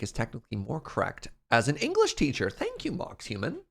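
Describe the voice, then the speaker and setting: A man's voice: mid-range voice, wildly swooping pitch, a little fast, gravelly, fairly bright tone, husky. A man streaming and chatting casually, reading his chat aloud in a playful way and laughing often.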